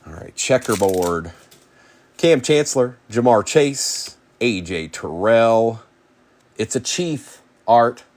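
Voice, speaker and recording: A man hosting a live card break, rapidly calling out player names and chatting with viewers by name. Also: mid-range voice, animated, darkish tone, a little hiss or hum.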